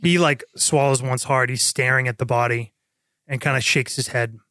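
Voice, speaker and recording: A man's voice: mid-range voice, fairly even intonation, moderate pace, sharp tone, no room sound, studio quality. A man running a tabletop role-playing game as game master, explaining the rules plainly.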